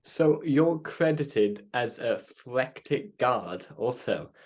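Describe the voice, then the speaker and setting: A man's voice: medium pitch, expressive, slow pace, darkish tone. A man hosting an interview, asking short, friendly questions. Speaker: interviewer host.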